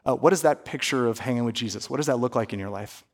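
A pastor interviewing a staff member during a service, affirming and lightly teasing. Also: male voice, mid-range voice, quick pace.

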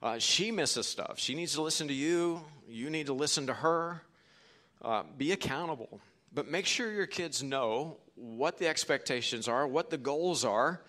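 A middle-aged man preaching a sermon as pastor, telling stories and swinging from hushed to forceful. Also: fairly high pitch, lively intonation, unhurried. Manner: storytelling, quoting others, swings from hushed to forceful.

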